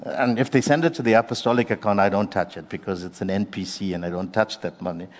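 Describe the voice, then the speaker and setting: Preaching a sermon with a steady tone, a man with a lowish voice speaks earnestly and slowly, lengthening important phrases to stress them. A large hall's long reverb carries his words.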